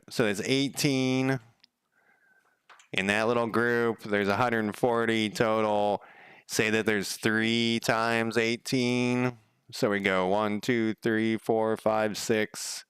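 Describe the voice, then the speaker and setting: A man's voice: lowish voice, fairly bright tone, clean tone, no echo. A man live-streaming while he codes a game, chatting casually in a rambling, profane way and counting under his breath. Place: home room.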